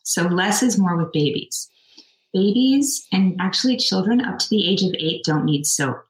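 A woman with a notably low voice explains skin care like a specialist, in a plain, practical way. Her voice rings around a roomy, echoey space. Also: lively intonation, moderate pace. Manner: explanatory, practical advice-giving. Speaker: dermatologist guest. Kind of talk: expert interview answers.

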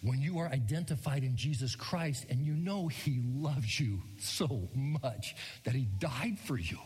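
A man's voice: mid-range voice, measured pace, slightly rough, in a large hall. A middle-aged man preaching a sermon, telling a story and acting out the people in it. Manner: animated storytelling, acts out quotes. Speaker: pastor.

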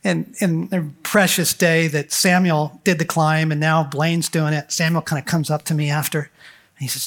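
A middle-aged man with a slightly raised voice speaks earnestly to a room of men. His delivery is animated and heartfelt. He sometimes drops into the voices of people in his stories. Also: a little high, moderate pace. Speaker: speaker at a men's conference. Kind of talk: heartfelt talk to a men's gathering.

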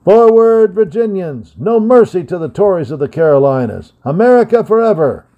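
A man's voice: mid-range voice, normal speed, phone-quality sound, lightly acted. A man voicing a bold young Patriot soldier, urgent. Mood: rallying. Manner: urgent, rallying battle cries.

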